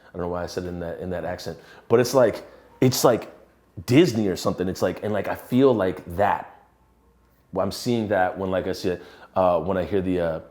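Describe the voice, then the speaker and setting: A musician talking casually about a song he is writing, rambling and relaxed with many restarts. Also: sits low, moderate pace. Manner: swears casually. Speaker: musician and songwriter.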